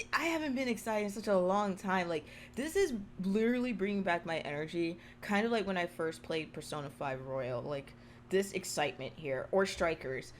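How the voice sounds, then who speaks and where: A woman streaming a game to her live chat, gushing and excitable, rambling with many fillers and swearing when she gets hyped. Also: lowish voice, normal speed, a little hiss or hum. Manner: rambling, with many likes and ums. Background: jazzy game music.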